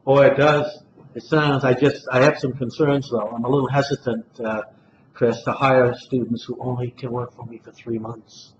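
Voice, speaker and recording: A man's voice: mid-range voice, level tone, normal speed. A man playing a client in a sales role-play, giving hesitant, short replies. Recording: dull lo-fi recording with some background noise.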